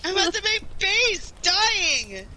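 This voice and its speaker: Shrieking high-voiced woman panicking in game. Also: very animated, slow, background noise. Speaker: gamer. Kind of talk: screaming live gameplay reactions.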